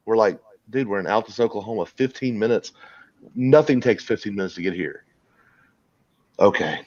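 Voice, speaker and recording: A man's voice: fairly low pitch, normal speed, darkish tone, no room sound. Man telling a crude story, lo-fi sound. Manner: rambling storyteller, crude humor. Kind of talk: casual chat, storytelling. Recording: dull lo-fi sound.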